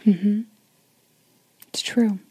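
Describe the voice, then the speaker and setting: A woman's voice: medium pitch, fairly even intonation, extremely slow, breathy edge. A middle-aged woman, a mother of four, telling a personal story as an interview guest, often sinking to a near whisper. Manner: soft, often drops to a whisper.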